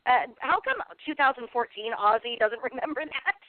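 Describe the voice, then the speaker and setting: A man's voice: very high voice, animated, normal speed, no echo. A man hosting a radio talk show, reading history items and laughing often, with hesitant fillers. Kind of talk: casual comedic radio chat. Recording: dry, tinny phone-like radio sound.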